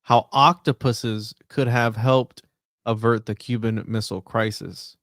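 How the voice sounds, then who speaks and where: A man co-hosting a podcast, reading an article aloud haltingly and breaking off with wry asides. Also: mid-range voice, fairly even intonation, a bit bright, no room sound, clean studio sound.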